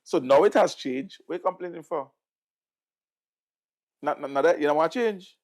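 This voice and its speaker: A man's voice: on the high side, moderate pace, a little mellow. A middle-aged man with a Vincentian accent, hosting political commentary in a mocking, sarcastic manner and repeating words for emphasis. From St Vincent and the Grenadines. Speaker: host.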